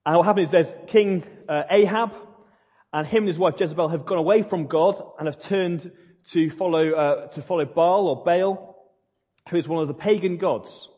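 A man's voice: fairly high pitch, moderate pace, mellow, slightly rough. A male pastor preaching a sermon, retelling a story in an earnest, emphatic way. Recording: dull lo-fi recording in a reverberant hall.

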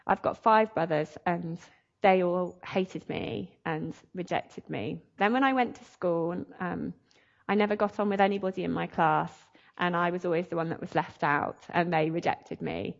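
A woman's voice: fairly low pitch, moderate pace, vocal fry, muffled recording. A woman telling a faith testimony in a chatty, emotional way, laughing often. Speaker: speaker sharing a testimony. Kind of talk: sermon testimony.

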